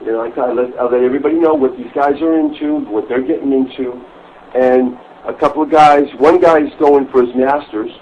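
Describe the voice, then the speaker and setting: A man's voice: medium pitch, steady tone, a little fast. A middle-aged man who was the target of prank calls, rambling over the phone, repeating himself and swearing freely. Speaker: prank call victim. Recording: muffled lo-fi call recording with faint hiss.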